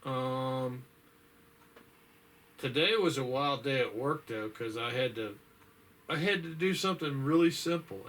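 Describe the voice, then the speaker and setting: Tired, rambling middle-pitched man. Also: a bit bright, slight background noise. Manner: rambling, folksy, with many fillers and sighs. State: tired, yawning. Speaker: vlogger. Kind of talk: casual chat.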